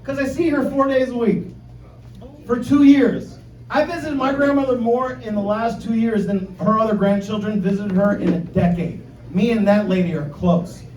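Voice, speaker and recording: A man's voice: high-pitched, normal speed, a little mellow. Brash profane male stand-up comic. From Miami, United States. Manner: brash, profane, teases the crowd. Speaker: stand-up comedian. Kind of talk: stand-up comedy set. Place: comedy club. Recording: echoey club, distant mic, crowd. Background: laughing crowd.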